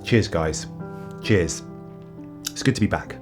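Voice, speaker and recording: A man's voice: deep voice, slow pace, music in the background. A father chatting casually, playfully encouraging his child and musing about staying hopeful. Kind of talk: casual family chat.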